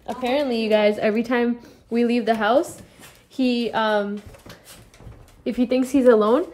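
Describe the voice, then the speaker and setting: A young woman vlogging in a casual, bubbly way, chatting excitedly to her viewers. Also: fairly high pitch, unhurried, pauses often. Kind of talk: casual chat. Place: restaurant and car.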